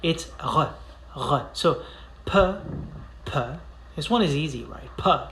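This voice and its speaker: Male French-accented tutor, unhurried, breaks words down and repeats them. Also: on the high side, expressive, a bit bright, slight background noise. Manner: repeats words slowly for learners. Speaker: French teacher. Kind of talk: casual pronunciation lesson.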